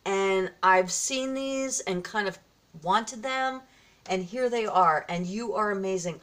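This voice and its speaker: A woman talking to her viewers in a casual vlog, gushing and effusive with plenty of gasps and exclamations. She speaks at an unhurried, drawn-out pace, with her voice sitting at an ordinary middle pitch. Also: a bit bright. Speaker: vlogger.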